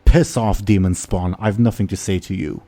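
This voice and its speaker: A man's voice: on the low side, steady tone, normal speed, warm tone, faint music behind, close to an everyday voice. A man voicing a hot-headed young female orc captain in a tabletop game. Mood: scornful.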